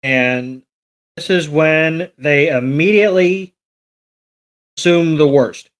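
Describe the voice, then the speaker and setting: A man with a somewhat high voice banters on a podcast, teasing his co-host and cursing in fun. He talks in a relaxed, chatty way. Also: takes it slowly. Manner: joking, swears playfully.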